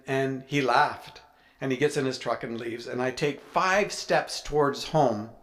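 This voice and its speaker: A man telling a story to a live audience at a writers' event, speaking at an ordinary middle pitch. He keeps it conversational and acts out each line of dialogue as the story unfolds. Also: a bit bright.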